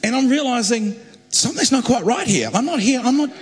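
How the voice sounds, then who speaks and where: Man, preacher, storytelling sermon, lively swooping pitch, long hall reverb. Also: fairly quick. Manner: animated, acts out quoted voices.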